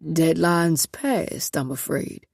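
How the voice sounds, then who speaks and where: A woman voicing a smug, menacing male reformatory superintendent who talks slowly with mocking politeness in a lowered voice. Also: expressive, creaky, dark tone, breathy edge, dry recording, clean studio sound, full character voice.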